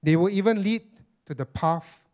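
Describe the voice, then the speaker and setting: A man pastor delivering a sermon with a slightly higher-pitched voice. He preaches emphatically, repeating key phrases and addressing the congregation as friends. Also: normal speed, darkish tone.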